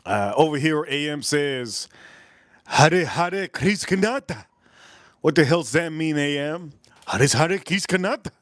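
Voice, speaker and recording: A man's voice: medium pitch, no echo, studio quality. A man hosting a live stream, rambling and joking crudely while he talks to his chat.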